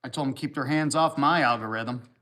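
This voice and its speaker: A man hosting a live stream in a mid-pitched voice, bantering loosely with his viewers. He rambles from joke to joke with a crude sense of humor, reading comments as they come in and answering them like friends hanging out. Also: a little fast, sharp tone. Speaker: livestream host. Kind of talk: casual livestream chat, reading comments.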